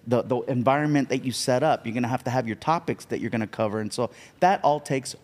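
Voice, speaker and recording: A man talking in a casual podcast chat, animated, slipping into voices when he quotes people. His voice sits at an ordinary middle pitch, and a long reverb trails behind it as if the room were large and hard. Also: fast. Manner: animated storyteller who acts out quoted lines. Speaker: podcast guest.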